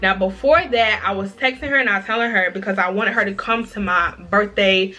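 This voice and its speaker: A young woman chatting through a casual storytime vlog, dramatic and expressive, often calling her viewers y'all. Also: medium pitch, a little fast. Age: young adult. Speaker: vlogger.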